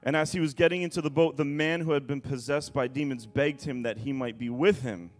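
A man's voice: mid-range voice, steady tone, brisk, faint music behind. A male pastor preaching a sermon, reading scripture aloud dramatically and breaking off into asides to the congregation.

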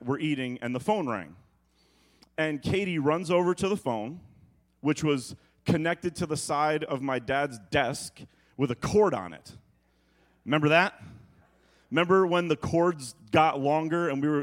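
A middle-aged man from New York preaching with humorous storytelling, acting out quotes and sounds with quick jokey asides. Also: fairly high pitch. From New York, United States.

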